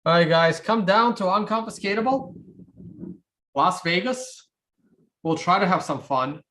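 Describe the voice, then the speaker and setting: A man's voice: high-pitched, animated, unhurried, sharp tone. A man from Russia hosting a livestream, answering viewer questions in a wry, offhand way and thinking aloud. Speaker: livestream host.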